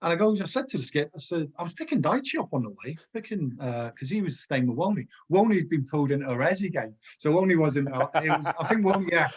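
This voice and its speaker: A man's voice: fairly high pitch, animated, fast talker, hardly any pauses, slightly rough. A middle-aged man, a former footballer, chatting as a podcast guest and telling long rambling anecdotes full of restarts. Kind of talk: casual podcast chat.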